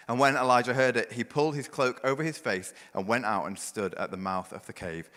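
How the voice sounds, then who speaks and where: A man preaching a sermon as pastor, building to loud, forceful passages and then dropping to a hushed near-whisper. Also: mid-range voice, steady tone, fairly quick, in a large hall. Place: church.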